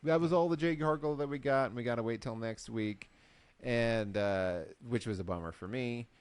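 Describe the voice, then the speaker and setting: A man co-hosting a casual recap show, telling the story with lively acted-out quotes. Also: mid-range voice, moderate pace, clean tone, no room sound. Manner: animated storyteller, acts out quotes. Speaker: podcast co-host. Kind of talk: casual chat.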